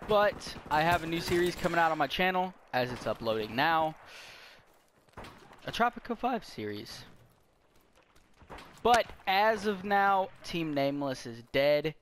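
A man's voice: on the high side, animated, a little slow, long pauses, fairly bright tone, a little hiss or hum. A teenage boy rambling through a channel update while playing a shooter game, swearing at the game between sentences. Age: teens. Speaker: gaming YouTuber.

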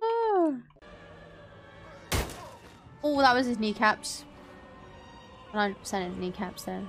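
A young woman in her twenties streaming gameplay, giggly and excitable, swearing freely as she comments. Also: fairly high pitch, slow, faint music behind.

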